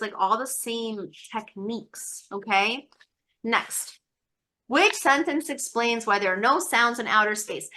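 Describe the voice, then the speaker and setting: A woman tutor leading an online test-prep webinar, coaxing students with encouraging, repetitive questions and quick asides. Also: on the high side, sharp tone. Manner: rapid asides, many fillers.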